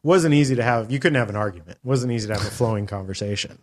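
A man's voice: medium pitch, racing. A middle-aged man hosting a podcast, telling a long story in casual chat, rambling with lots of fillers and casual swearing. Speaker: podcast host.

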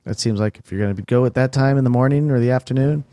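A man's voice: medium pitch, rapid-fire, dark tone, dry recording. A man in casual podcast chat, telling long stories with many fillers and restarts.

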